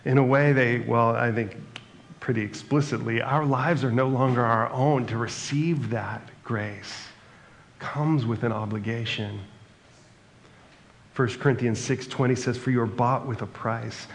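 A man's voice: medium pitch, steady tone, a little slow, gravelly. A man preaching a sermon in a conversational way, reading scripture passages aloud between his own remarks. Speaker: pastor.

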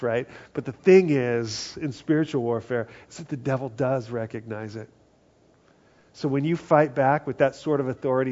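Man, pastor, conversational sermon, acts out quotes, slips into hushed voices, dull lo-fi recording. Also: mid-range voice, fairly quick. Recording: dull lo-fi sound.

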